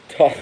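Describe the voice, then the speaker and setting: A dark-toned man hosts a rambling live stream on his phone, crude and self-mocking, laughing at his own jokes even though he's injured and laughing hurts. The recording is low quality with a little hiss or hum.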